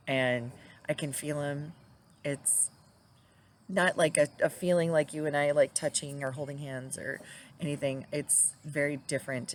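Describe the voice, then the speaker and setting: A woman's voice: deep voice, a little hiss or hum. A middle-aged widow talking casually to her viewers, tender and reflective, laughing now and then as she remembers. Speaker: widow sharing her grief journey. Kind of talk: casual personal talk to camera.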